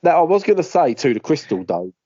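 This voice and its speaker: Playful male host, quick jokes, dry lo-fi podcast sound. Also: a little high, big pitch swings, dark tone, no room sound. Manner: playful, jokey, jumps into silly voices. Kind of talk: casual chat. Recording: dry, dull lo-fi podcast audio.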